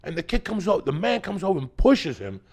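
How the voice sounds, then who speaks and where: A man, hosting a podcast and telling a story loudly, swearing constantly and acting out every voice. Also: high-pitched, fast. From North Bergen, New Jersey. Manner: loud, animated, swears constantly, acts out every voice. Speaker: podcast host. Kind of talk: profane storytelling in casual chat.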